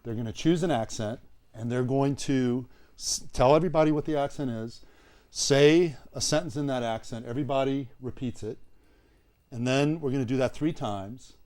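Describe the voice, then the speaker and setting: An improv performer explaining the rules of an accent warm-up game on stage. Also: medium pitch, normal speed.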